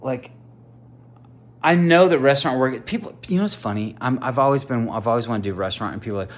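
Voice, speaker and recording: A man in his fifties, a contractor, swearing constantly in a personal rant to camera, swinging from loud outbursts to quiet musing. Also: on the high side, very animated, brisk. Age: 50s. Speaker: contractor and aspiring sandwich maker.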